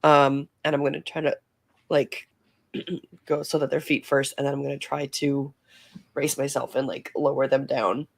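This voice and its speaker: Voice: mid-range voice, little pitch movement, moderate pace, creaky, no room sound. A player in a tabletop game, describing actions in a rambling, hesitant way full of fillers.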